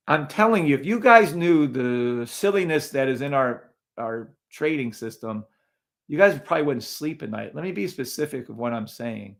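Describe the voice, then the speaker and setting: Man, live trading stream host, gravelly voice, casual chart commentary, incredulous. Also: medium pitch, lively intonation, measured pace. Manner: incredulous, talks to chat viewers by name.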